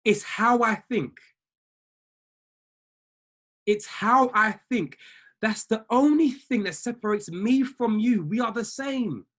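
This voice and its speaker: Guy, trading coach, husky high voice, preachy pep talk, repeats stuff a lot. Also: takes it slowly, long pauses, fairly bright tone. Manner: preacher-like, repeats lines for emphasis; exhorting, talks straight to listeners. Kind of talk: motivational talk to an online group.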